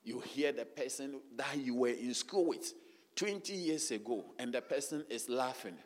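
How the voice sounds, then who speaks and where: A man with a mid-range voice preaches a sermon at a moderate pace, emphatic and repetitive. He calls out to the congregation with frequent hallelujahs, and the recording carries the long reverb of a large hall.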